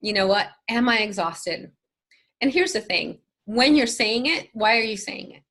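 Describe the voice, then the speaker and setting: A woman's voice: on the high side, animated, normal speed, fairly bright tone. A woman life coach talking in an interview, emphatic and motivational, often acting out quoted voices.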